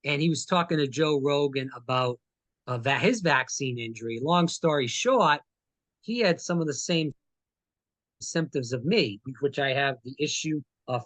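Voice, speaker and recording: A man speaking as a podcast guest in casual interview talk, halting and restarting often. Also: on the high side, sharp tone, no room sound. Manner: halting, many fillers and restarts.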